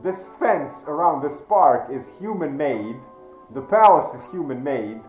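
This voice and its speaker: A man, not a native English speaker, telling a personal story slowly and deliberately, with hesitant restarts. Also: on the high side, animated, darkish tone, reverberant, soft background music, poor audio. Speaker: channel host. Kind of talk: reflective storytelling monologue.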